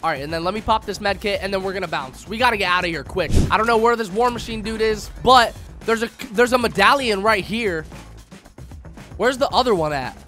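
Hyped high-voiced young gamer guy. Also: a little fast, pushed and bright, faint music behind. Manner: hyped, slangy, talks to opponents. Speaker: gaming YouTuber. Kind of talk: excited gameplay commentary.

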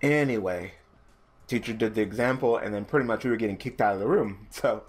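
A young man hosting a gaming channel gives casual gameplay commentary, swearing and ranting in exasperation. His lowish, fairly quick voice has a breathy edge and swings between mumbled asides and loud outbursts.

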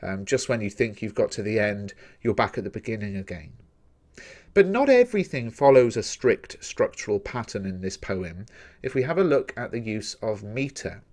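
A man's voice: on the low side, moderate pace. A man with an English accent, a teacher giving a methodical, recorded revision lesson that speaks directly to the viewers. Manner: steady, methodical explaining, addressing viewers directly.

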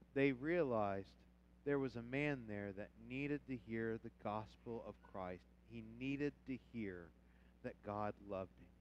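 A male pastor preaching a sermon with animated storytelling, swinging from quiet reading to loud shouts. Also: medium pitch, dull audio, a little hiss or hum. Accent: Southern Indiana.

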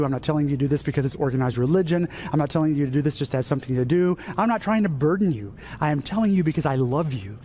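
A male pastor delivering a sermon in a church, his voice sitting a touch high for a man. He builds to soaring, loud peaks and then drops down low and hushed. A faint rumble runs underneath the recording. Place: church sanctuary.

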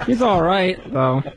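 A man's voice: high voice, heavy background noise. A young man on a radio show, answering the hosts in a hesitant, nervous, reluctant way. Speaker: studio intern.

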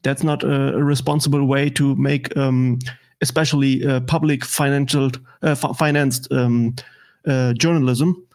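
A man with a German accent, a native German speaker, talking in English as an interview guest, halting with many fillers and restarts. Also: mid-range voice, steady tone, darkish tone. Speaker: guest political commentator. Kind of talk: casual interview chat.

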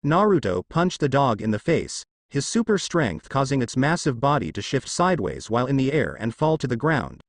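Brief: male fan-fiction narrator, expressive, dry close read. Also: mid-range voice, no room sound. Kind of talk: reading fan fiction aloud.

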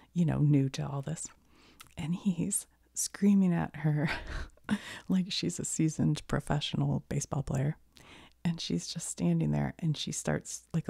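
A woman with a cold chatting in a soft-spoken ASMR style, half-whispering and rambling, laughing often, close to the mic. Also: low-pitched, gravelly, husky, dry recording. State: has a cold. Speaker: ASMR creator.

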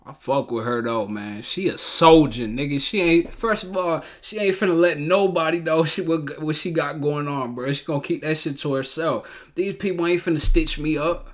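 A man's voice: on the high side, moderate pace, few pauses. Profane, fired-up man reacting to a show. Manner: blunt, profane slang, repeats himself with rising outbursts. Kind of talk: casual reaction commentary.

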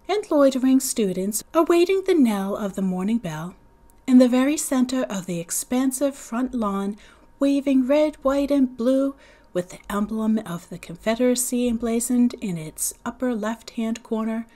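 Reading a novel aloud to her class, a woman teacher raises her voice for the children's lines, making them higher and louder as she tells the story.

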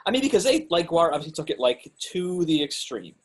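Male podcast co-host, husky voice, mid pitch, animated and joking. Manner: playful, quick jokes. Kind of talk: casual chat.

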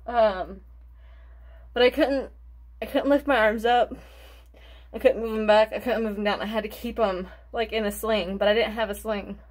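A woman's voice: a little high, fairly even intonation, normal speed, long pauses. Young woman, casual makeup tutorial chat, rambling, short of breath. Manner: rambling, forgetful, chatty with sighs. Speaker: beauty vlogger.

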